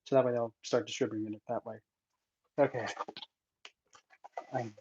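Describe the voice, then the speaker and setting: A man's voice: medium pitch, fairly even intonation, moderate pace, dark tone. A man unboxing his self-published book in a casual vlog, nervous and emotional, exclaiming as he goes. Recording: dull lo-fi sound with faint noise.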